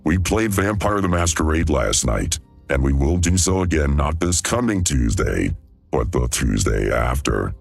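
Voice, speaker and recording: A man hosting a livestream, talking in a smooth, laid-back way. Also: extremely low pitch, lively intonation, a little slow, no echo, soft background music. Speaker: livestream host. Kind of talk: casual livestream chat.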